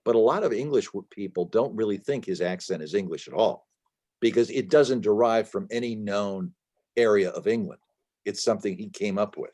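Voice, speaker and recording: Interviewed as an author over a video call, a man with a fairly low, darkish voice speaks at normal speed. His answers run long and emphatic, full of restarts and filler words.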